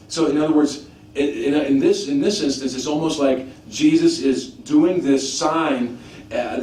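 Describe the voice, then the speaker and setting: Preacher man in an echoey hall. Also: mid-range voice. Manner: animated, rhetorical questions, frequent restarts. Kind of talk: sermon teaching. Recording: echoey room, mic at a distance, faint background noise.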